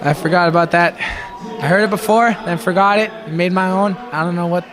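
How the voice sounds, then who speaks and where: A man calling a live hockey game play by play, excitable and out of breath, often shouting. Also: sits high, a little fast, music in the background. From Canada. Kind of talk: live sports commentary.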